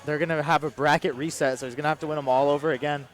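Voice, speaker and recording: A man's voice: a little high, steady tone, very fast, a little hiss or hum. A young man doing playful, joking live commentary on a fighting game match. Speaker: esports co-commentator.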